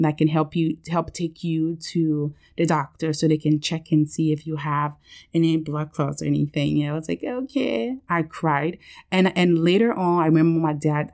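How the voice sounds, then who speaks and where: A woman with a low-pitched voice talks through a personal memory on her podcast. Her delivery is candid and emotional, full of fillers and restarts. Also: a little mellow. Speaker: podcast host. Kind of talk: personal storytelling monologue.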